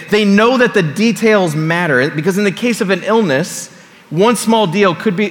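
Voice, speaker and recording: Pastor, male, slightly high voice, chatty sermon delivery with asides, long hall reverb. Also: a bit bright. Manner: conversational, with casual asides and repeated phrases.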